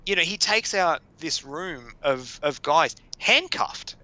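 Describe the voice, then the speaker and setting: A man's voice: on the high side, lively intonation, slow, sharp tone, rough recording. A man co-hosting a podcast, chatting casually, laughing often and acting out quotes. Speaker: podcast co-host. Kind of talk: casual chat.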